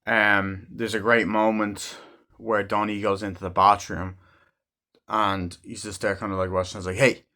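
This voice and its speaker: A man with a fairly low voice talks through a film in a casual review. He retells scenes loosely, swears freely and leans on "like" and "um" as he goes. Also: level tone, normal speed, bright, forceful tone. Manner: rambling and heavily profane.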